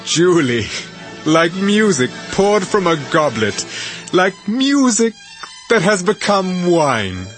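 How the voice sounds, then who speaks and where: A man's voice: high-pitched, very animated, soft background music, pitched above the performer's own voice, exaggerated voice. Man voicing a formal, passionate ancient king. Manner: grand, formal, slow and emphatic.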